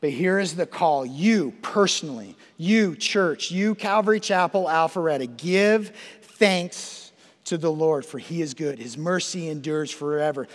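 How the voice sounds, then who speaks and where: Male pastor, sermon delivery, unhurried and emphatic, hushed on scripture, reverberant sanctuary. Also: fairly high pitch. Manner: emphatic preaching, drops to a hush on quoted verses. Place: church sanctuary. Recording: long hall reverb.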